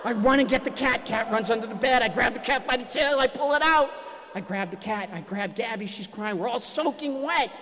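A man doing stand-up storytelling, animated and acting out his own shouts. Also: extremely high pitch, fairly quick, in a large hall. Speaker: comedian telling a story.

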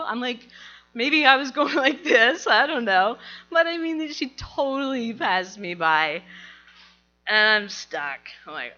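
A middle-aged woman telling a personal story to an audience, animated and laughing as she goes. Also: a little high, a little slow, lo-fi sound.

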